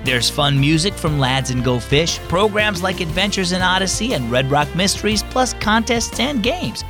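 A man's voice: high-pitched, expressive, moderate pace, music in the background. A man narrating a scripted children's devotional story and speaking directly to young listeners. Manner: warm teaching tone for children.

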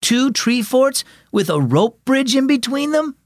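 A man voicing an eager, excitable young boy in a children's audio story, with a raised, wide-eyed delivery. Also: very high-pitched, a little slow, no room sound, studio quality, pitched above the performer's own voice, full character voice. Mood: excited. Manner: excited, wondering.

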